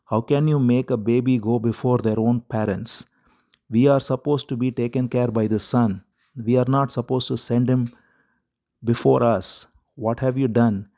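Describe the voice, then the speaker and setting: Man doing a mourning young queen, pleading, lamenting, mellow tone. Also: mid-range voice, steady tone, moderate pace, hardly any pauses, close to an everyday voice. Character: grief-stricken young queen mourning her baby.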